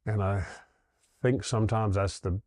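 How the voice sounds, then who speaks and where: A middle-aged man with a low, deep voice tells a personal story slowly and haltingly, pausing often with fillers. His delivery is even and flat, without big swings, and the sound is close and dry. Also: dry recording. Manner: halting and heartfelt, with many pauses and fillers. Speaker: dentist sharing his wife's cancer story.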